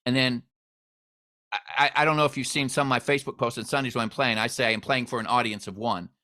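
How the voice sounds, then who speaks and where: A man hosting a podcast, chatting casually and telling stories with lively quoted voices. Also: mid-range voice, quick pace. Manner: storytelling, animated when quoting others. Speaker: podcast host. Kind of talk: casual interview chat.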